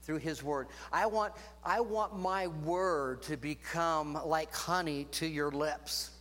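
A man's voice: a little high, slow, fairly bright tone. A man preaching a sermon to a congregation, stretching phrases for emphasis and punctuating them with amens. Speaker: pastor. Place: church room with congregation.

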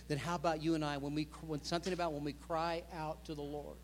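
A man in his fifties preaching a sermon, building to loud, impassioned stretches and acting out quoted prayers. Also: fairly high pitch, little pitch movement, fast talker, few pauses, big-room sound. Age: 50s. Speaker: pastor.

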